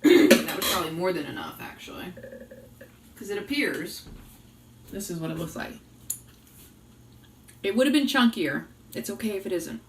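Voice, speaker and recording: A woman's voice: fairly low pitch, sing-song, normal speed, long pauses, recorded from a distance. A woman with a slight Boston accent chatting casually to viewers while cooking at home, giggly and talkative. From Boston area. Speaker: vlogger and yoga teacher. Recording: roomy and off-mic with faint noise.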